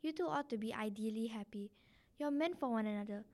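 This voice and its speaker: A woman's voice: a little high, fairly quick, a little mellow, natural voice. A woman reading aloud as a worldly, meddling society lady who hints at intrigue in a gushing, insinuating way.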